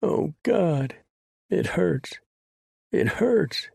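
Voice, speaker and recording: A man's voice: fairly high pitch, big pitch swings, drawn-out words, gravelly, a little mellow, husky, no echo, studio quality, pitched above the performer's own voice, exaggerated voice. A man doing a screaming dying outlaw. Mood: agonized. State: in pain, screaming.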